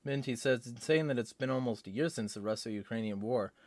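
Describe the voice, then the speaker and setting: A man's voice: medium pitch, a little fast, darkish tone, dry recording. A young man hosting a livestream, reading chat comments and answering them in a rambling, wry way.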